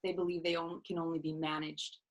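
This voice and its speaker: A woman's voice: low voice, little pitch movement, brisk, rough recording. A woman in her thirties, a self-love coach, telling her personal story in an interview in an earnest, reflective way, with many fillers and restarts.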